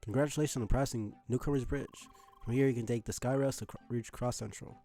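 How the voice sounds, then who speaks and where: A man voicing a formal official who briefs newcomers in a measured, proper way. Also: medium pitch, steady tone, dark tone, close to an everyday voice.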